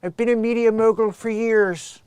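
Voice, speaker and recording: A man doing a booming old mogul villain. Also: fairly even intonation, moderate pace, darkish tone, clear, resonant tone, no room sound, natural voice. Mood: grandiose. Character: pompous old male media mogul villain.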